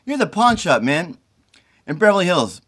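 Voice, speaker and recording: A sick, worn-out middle-aged man rants and pleads in a slightly high voice, swearing as he goes. He sounds agitated and run down with the flu. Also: big pitch swings, moderate pace, a bit bright, breathy edge. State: sick with the flu, congested and tired. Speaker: self-recording video poster. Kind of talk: rambling direct-to-camera plea. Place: indoors at his mother's home.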